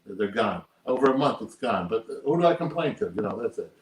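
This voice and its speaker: A man's voice: on the low side, expressive, fairly quick. An older man, a poker player, talking casually and emphatically in an interview, repeating his points. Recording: roomy echo.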